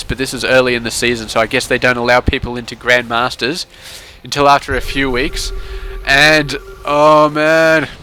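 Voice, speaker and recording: A man's voice: mid-range voice, pushed and bright, slight background noise. A man, casting a strategy game replay in a laid-back, sarcastic way. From Australia. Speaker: game caster. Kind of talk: casual replay commentary.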